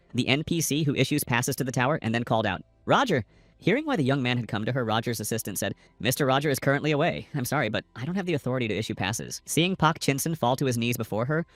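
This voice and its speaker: A man narrates a comic-book story recap at a brisk clip, reading every character's lines himself. His scripted reading has a slightly uneven, machine-like stress. The recording is dry and close, with no room sound. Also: medium pitch, a bit bright, no room sound. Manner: reads all characters' lines in a lightly varied narrator voice.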